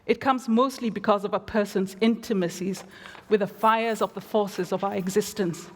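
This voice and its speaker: Woman, guest lecturer; reflective, measured storytelling with dry humor; long theatre reverb. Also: mid-range voice, steady tone, slight background noise. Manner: measured, reflective, wry asides. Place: large theatre.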